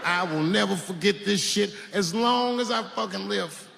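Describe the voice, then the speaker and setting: A man's voice: high voice, normal speed, vocal fry, a bit bright. A man in his forties performing a crude, conversational stand-up set and riffing with the audience. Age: 40s. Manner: crude, conversational storytelling, riffs with the crowd. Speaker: stand-up comedian.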